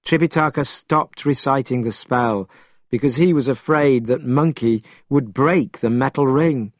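A man reading a storybook aloud, expressive and measured. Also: mid-range voice, no room sound, clean studio sound. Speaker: narrator.

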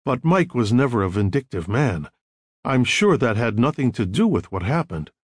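A man reading a smooth, guarded lawyer. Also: medium pitch, big pitch swings, no echo, clean studio sound. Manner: smooth and measured. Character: smooth, guarded male lawyer, calm and evasive. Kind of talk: audiobook narration.

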